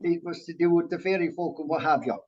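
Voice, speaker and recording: Lively Irish-born storytelling man. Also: a little high, quick pace, muffled recording. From Ireland. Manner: lively storyteller, laughs often. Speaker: medium sharing a story. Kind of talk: chatty anecdote.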